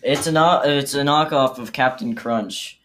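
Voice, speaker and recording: Casual quiz asker, relaxed, hesitant, mid pitch. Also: a little slow, slight background noise. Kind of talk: casual game chat.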